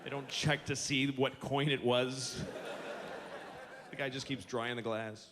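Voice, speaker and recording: A man's voice: medium pitch, fairly even intonation, a little slow, very noisy. A male stand-up comedian doing a set on stage, profane, exasperated and mocking. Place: theater stage. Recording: big hall with a loud, laughing crowd.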